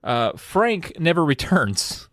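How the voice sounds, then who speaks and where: Male podcast co-host, wry and teasing, mid pitch, dry recording. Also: big pitch swings, slow, fairly bright tone, no room sound. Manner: teasing, wry, retells the story in his own words. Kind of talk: casual chat and book retelling.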